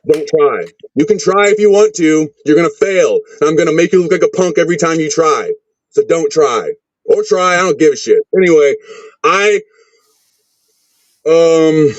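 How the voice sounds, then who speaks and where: Swearing wrestler dude rambling on, kinda high voice, dry dull audio. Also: male voice, darkish tone, no echo. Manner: rambling, swears constantly, restless. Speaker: wrestler, podcast guest. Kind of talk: casual profane interview chat. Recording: dull lo-fi sound.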